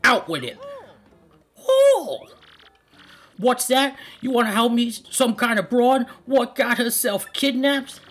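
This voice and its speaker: A man voicing a commanding male mob boss in a put-on Italian mobster accent, loud and bossy, over faint game music. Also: extremely high pitch, big pitch swings, slow, pitched above the performer's own voice, exaggerated voice. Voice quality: loud, bossy tough-guy drawl.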